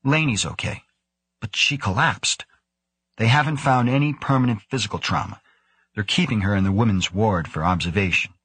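A man voicing a cheerful, teasing older male colleague with a relaxed, wry manner. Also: fairly low pitch, normal speed, husky, no room sound. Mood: jovial.

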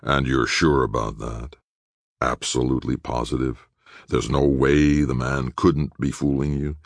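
A man voicing a relaxed, sly middle-aged man who speaks smoothly and without hurry. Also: rumbling low, unhurried, no room sound, clean studio sound, full character voice. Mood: calm, needling.

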